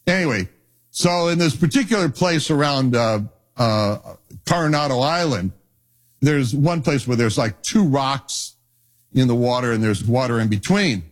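A middle-aged man, a pastor, preaching a sermon and telling personal stories, dropping his voice low for asides. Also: unhurried. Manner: animated storytelling, drops low for asides.

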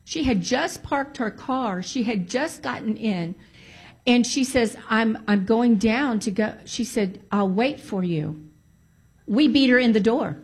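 A woman's voice: on the high side, measured pace, husky. Emphatic woman giving church testimony. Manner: emphatic, repeats phrases for stress. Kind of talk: testimony to a congregation.

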